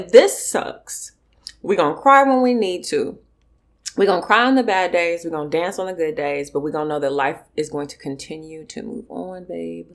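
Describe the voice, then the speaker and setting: A young woman from California talking bluntly and emphatically to her viewers while eating on camera. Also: fairly low pitch. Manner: blunt, emphatic, talks between bites. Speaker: mukbang vlogger. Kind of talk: casual eating vlog chat.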